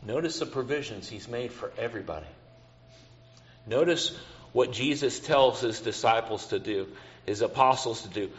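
A man's voice: mid-range voice, normal speed, dull audio. A man preaching a sermon to his congregation, earnest and personal, repeating key questions. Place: church hall.

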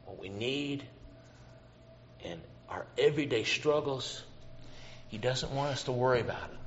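A man's voice: mid-range voice, lo-fi sound, slight background noise. A man preaching a sermon to his congregation, earnest and personal, repeating key questions. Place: church hall.

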